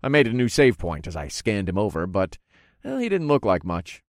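A man's voice: fairly low pitch, huge pitch swings, moderate pace, dry recording, clean studio sound. A man narrating a first-person fantasy story in an easygoing, wry manner.

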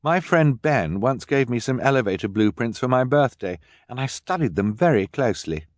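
A man voicing a clever, practical teenage girl in an audiobook, explaining things brightly. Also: mid-range voice, lively intonation, moderate pace, no room sound, clean studio sound, voice pushed up, natural voice. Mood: eager, explaining.

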